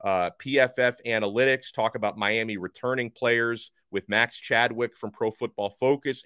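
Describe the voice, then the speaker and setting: A man hosting a solo sports podcast, talking fast and with enthusiasm. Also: on the low side, a bit bright, no room sound, studio quality.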